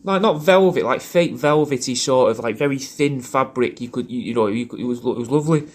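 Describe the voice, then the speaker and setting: A man with an English regional accent giving a rambling, crude, deadpan comic monologue as a personalised video message. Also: medium pitch, brisk. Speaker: comedic character doing a personalised video message.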